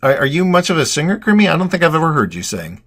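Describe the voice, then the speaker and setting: A man's voice: fairly high pitch, very animated, fast, a bit bright. An American man hosting an internet talk show, chatting in a rambling, teasing way and often restarting his sentences. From United States. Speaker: host. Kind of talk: casual chat.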